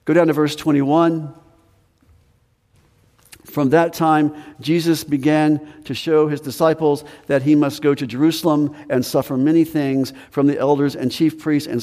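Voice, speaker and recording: A man preaching a sermon to his congregation in a conversational way, his pitch swinging up and down for emphasis. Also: fairly even intonation, moderate pace, a little mellow. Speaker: pastor. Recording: long reverb of a large hall.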